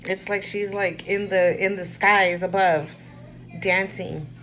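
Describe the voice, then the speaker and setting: A woman giving a casual spiritual card reading to camera, rambling and encouraging the viewer, sometimes dropping to a quieter murmur. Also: mid-range voice, fairly even intonation, slow, faint music behind, low-quality recording. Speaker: tarot and oracle card reader.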